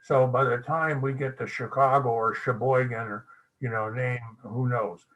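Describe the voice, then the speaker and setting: An older man giving a casual, anecdotal history talk to a club, a folksy storyteller at an everyday mid pitch. He spells names out letter by letter. He is heard in a meeting room. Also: fairly even intonation, moderate pace, fairly bright tone, muffled recording. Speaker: guest speaker.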